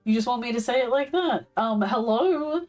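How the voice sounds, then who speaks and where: A woman's voice: on the high side, animated, normal speed, darkish tone, recorded from a distance. A young woman chatting casually and giggling as she works on a live stream, a little off the mic with faint music behind. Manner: chatty, giggly, talks while working. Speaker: streamer doing leathercraft.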